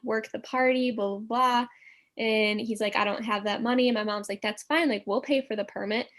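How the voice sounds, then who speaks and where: A young woman telling a story as a podcast guest, animated and acting out the quotes, with many filler words. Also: a little high. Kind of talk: casual storytelling.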